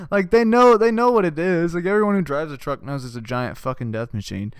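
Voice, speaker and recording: A man's voice: a little high, expressive, fairly quick, few pauses, clear, resonant tone, no room sound, studio quality. A man hosting a comedy podcast, delivering a rambling, profane, worked-up rant. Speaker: podcast host.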